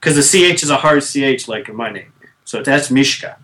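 A man's voice: medium pitch, brisk, heavy background noise. Rambling man in casual podcast chat. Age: 30s. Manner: rambling, with many restarts and fillers, laughs easily. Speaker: podcast co-host.

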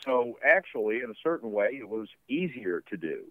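A man's voice: mid-range voice, very animated, normal speed, no room sound, narrow, tinny audio. A man talking casually as a musician guest in an interview, rambling with lots of fillers and laughs. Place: home basement studio.

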